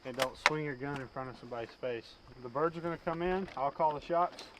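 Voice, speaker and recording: A man's voice: mid-range voice, fast talker. Guy briefing hunters outside, firm and drawly, noisy outdoor mic. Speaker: hunting guide. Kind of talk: safety briefing. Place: outdoors at a duck marsh. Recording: outdoor wind and clear background noise.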